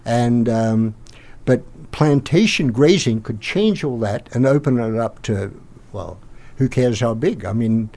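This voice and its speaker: An older Australian man, a podcast guest, rambling through an animated anecdote and acting out the quotes. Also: medium pitch, measured pace. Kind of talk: anecdotal storytelling.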